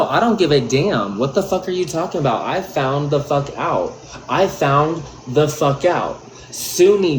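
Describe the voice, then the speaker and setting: A man's voice: mid-range voice, slight background noise. A man giving an angry, profane commentary rant on a livestream. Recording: roomy echo.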